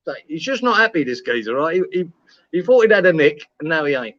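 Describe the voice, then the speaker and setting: A man's voice: on the high side, sing-song, fast, fairly bright tone, no room sound, dull audio. A man telling a story in casual chat, swearing, laughing and acting out what people said. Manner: swearing, laughing, acts out quoted lines. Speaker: co-host.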